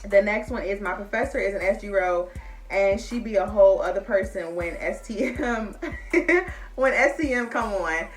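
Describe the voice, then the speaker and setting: Young woman vlogger, chatty and open about feelings, mid pitch, faint music under her. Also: moderate pace. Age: young adult. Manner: chatty, emotional, addresses viewers as y'all. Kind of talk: casual chat to camera.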